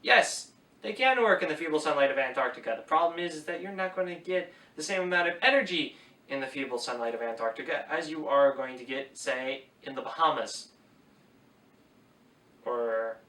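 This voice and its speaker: A man's voice: mid-range voice, lively intonation, moderate pace, bright, forceful tone. A man giving a casual book review, chatty and opinionated, with wry asides. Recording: echoey room, voice a bit distant from the mic.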